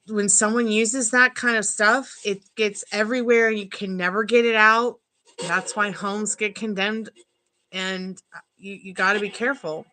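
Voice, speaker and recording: A woman's voice: medium pitch, pushed and bright, poor audio. A woman giving a live-stream tarot reading, chatty and rambling and laughing often. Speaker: tarot reader. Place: at home.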